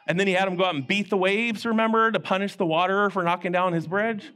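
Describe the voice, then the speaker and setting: A man preaching a children's sermon in church, telling a story in an animated way and acting out the characters' lines. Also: fast talker, smooth. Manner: animated, acts out characters' lines with big pitch swings. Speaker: children's pastor.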